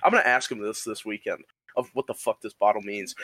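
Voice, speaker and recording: A man's voice: lowish voice, fast, no echo, rough recording. A young man co-hosting a casual podcast, telling a rowdy story full of swearing and acted-out quotes. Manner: animated, profane storyteller acting out quotes. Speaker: podcast co-host.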